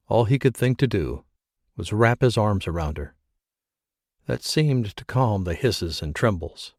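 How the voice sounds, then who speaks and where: A man in measured scripted narration of an audiobook thriller. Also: mid-range voice, no echo, studio quality. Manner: measured, even storytelling.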